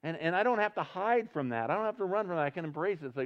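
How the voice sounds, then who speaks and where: Earnest, fairly high-voiced male pastor. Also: expressive, rapid-fire, few pauses. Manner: earnest, conversational preaching that swells into loud, passionate emphasis. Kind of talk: sermon. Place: church service. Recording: dull lo-fi recording.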